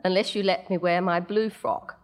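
A woman reading a story, voicing a stubborn six-year-old girl in a piping, shrill voice. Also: steady tone, normal speed, lightly acted. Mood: defiant.

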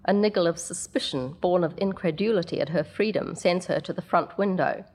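A woman narrating a story aloud in a measured way, with the odd casual aside. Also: on the low side, darkish tone.

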